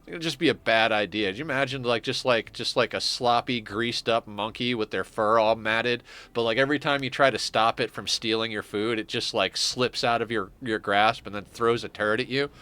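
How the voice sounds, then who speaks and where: A man's voice: mid-range voice, moderate pace, hardly any pauses, pushed and bright, clear, resonant tone. A man streaming a game, chatting casually in a rambling, profane way and laughing often. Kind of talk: casual gaming stream chat.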